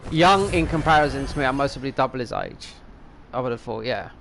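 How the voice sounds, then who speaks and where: A man's voice: medium pitch, expressive, brisk, gravelly, a bit bright, a little hiss or hum. Rambling man streaming a game. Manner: rambling, thinks aloud, swears at the game. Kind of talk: casual gameplay commentary.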